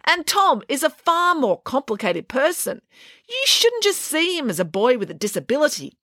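A woman's voice: high-pitched, huge pitch swings, moderate pace, pushed and bright, no room sound, voice pushed up, full character voice. A woman voicing a sardonic, teasing schoolgirl in an audiobook. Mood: dry. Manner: dry, mocking.

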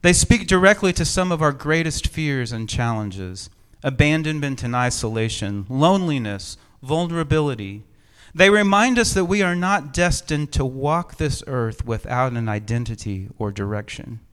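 Male pastor, middle-aged, smooth resonant voice, measured reflective sermon, gentle humor. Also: mid-range voice, animated. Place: empty church sanctuary.

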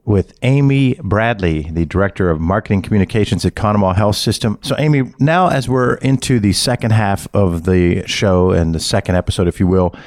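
A man hosting a marketing interview podcast, explaining ideas in an energetic way. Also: on the low side, a little fast, few pauses, no room sound, studio quality. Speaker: podcast host.

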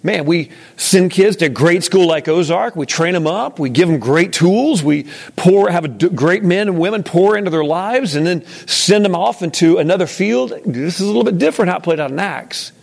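Man teaching a group Bible study, high gravelly voice, casual and full of questions. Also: lively intonation, moderate pace, few pauses, darkish tone. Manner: conversational, asks the room questions. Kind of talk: interactive Bible lesson.

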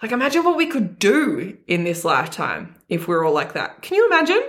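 A young woman speaking in an earnest, heartfelt way, her voice sitting at an ordinary middle pitch. She talks directly to her audience as a coach, animated and openly emotional. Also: brisk. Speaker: food and body image coach. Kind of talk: personal monologue to viewers.

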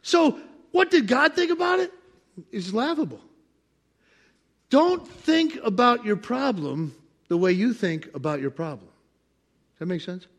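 A man preaching a sermon as pastor, animated and playful, acting out voices with bursts of laughter. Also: extremely high pitch, measured pace, pauses often. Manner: animated, acts out God's voice with laughter.

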